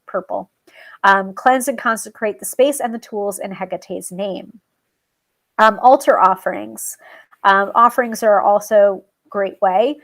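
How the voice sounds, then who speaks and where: A mid-range, fairly bright voice with vocal fry belongs to this woman hosting a tarot show. She casually discusses working with a goddess and reads reading tips from a list, chatty and prone to ums, restarts, and laughing at herself.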